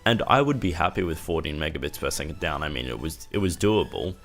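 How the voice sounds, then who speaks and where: A man's voice: a bass voice, expressive, fast talker, a bit bright, faint music behind. A young man vlogging, ranting in an exasperated, casual way and swearing now and then. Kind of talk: casual rant to camera.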